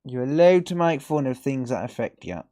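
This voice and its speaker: A man's voice: mid-range voice, sing-song, moderate pace, warm tone. A man chatting casually and crudely with viewers during a live repair stream. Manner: crude joking banter with chat, sweary. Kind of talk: casual livestream chat while repairing.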